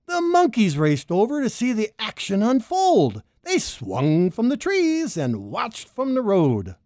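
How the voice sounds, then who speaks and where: A woman reading a rhyming children's story aloud, expressive and sing-song. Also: measured pace, creaky, few pauses, no room sound, studio quality. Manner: expressive, sing-song, big pitch leaps. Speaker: storybook reader.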